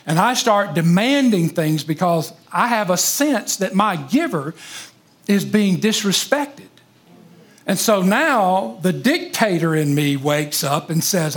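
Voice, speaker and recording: A man preaching a sermon to a live congregation, talking emphatically, calling out to the listeners and repeating words as he gets going. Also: high voice. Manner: emphatic, engages congregation directly; repeats and restarts words when excited. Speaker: pastor.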